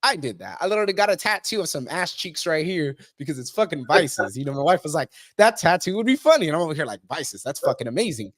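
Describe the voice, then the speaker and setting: A man's voice: fairly high pitch, lively intonation, quick pace, few pauses, a bit bright, dry recording, clean studio sound. Blunt, profane man in podcast talk. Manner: blunt, heavy swearing, acts out quoted people. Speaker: podcast guest. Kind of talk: casual podcast conversation.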